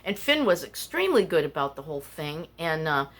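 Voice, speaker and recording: With a low, sing-song voice moving a little fast, the older woman hosts a casual podcast, telling stories and confiding her feelings in a rambling, candid way.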